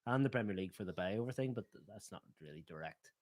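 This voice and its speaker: A man's voice: fairly low pitch, animated, fast talker. A man co-hosting a live football watchalong, chatting casually and teasing his co-host in jokey banter. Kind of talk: casual chat.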